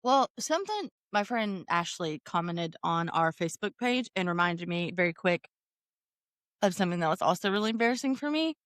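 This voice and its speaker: Woman co-host, young adult, slightly low voice, dry close sound. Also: lively intonation, a little fast, fairly bright tone, no room sound. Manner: laughs a lot, reacts with short interjections. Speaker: podcast co-host. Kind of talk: casual chat.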